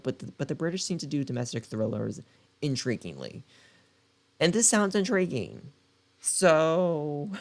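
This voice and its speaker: A man's voice: mid-range voice, vocal fry. A man vlogging casually about books late at night, reading blurbs aloud and reacting dramatically, repeating his phrases. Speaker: book vlogger.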